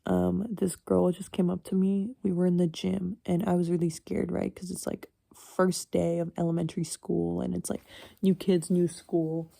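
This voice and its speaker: A young woman of eighteen chats alone late at night, rambling and blunt, with plenty of swearing and small laughs. Her voice sits fairly low with a heavy vocal fry and a very mellow, dark tone. The sound is dry and close, with no room around it. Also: little pitch movement, normal speed, dry recording. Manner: rambling, frank, swears freely, chuckles often. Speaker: university student. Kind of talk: casual late-night solo chat.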